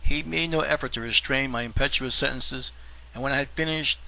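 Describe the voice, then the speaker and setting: A man narrating an audiobook in an even, steady reading manner. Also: mid-range voice, a little fast, vocal fry, low-quality recording.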